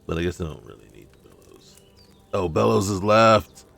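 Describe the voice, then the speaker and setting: A man's voice: deep voice, normal speed, vocal fry, fairly bright tone, soft background music. A man hosting a gaming channel gives casual commentary on his gameplay, talking to himself and crying out in frustration when things go wrong. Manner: talks to himself, exclaims in frustration.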